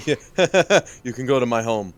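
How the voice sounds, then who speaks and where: A man playing a tabletop role-playing game, tossing in quick offhand remarks. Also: mid-range voice, animated. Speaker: player. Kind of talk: casual tabletop role-play chat.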